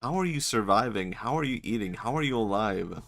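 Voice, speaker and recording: A man's voice: lowish voice, lively intonation, a little fast, vocal fry, fairly bright tone. A young man streaming a video game, rambling and joking, often swearing and laughing at his own bits. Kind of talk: casual gameplay commentary.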